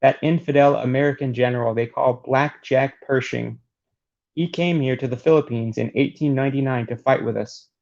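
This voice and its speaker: A man reading as a gravelly, distraught fleeing fighter. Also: mid-range voice, fairly even intonation, moderate pace, darkish tone, close to an everyday voice. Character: frightened male fighter fleeing in panic. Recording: dull lo-fi recording.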